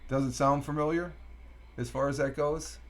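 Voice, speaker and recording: On a relaxed morning live stream, a middle-aged man from Upstate New York rambles along, dropping lots of fillers and reading quotes slowly. His pitch is on the high side and his intonation stays fairly even.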